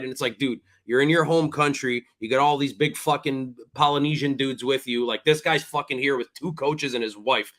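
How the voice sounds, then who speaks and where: A man's voice: a little high, fairly quick, hardly any pauses, a bit bright. A man hosting a fight recap podcast, recounting the action at length in blunt, profane casual chat. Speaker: podcast host.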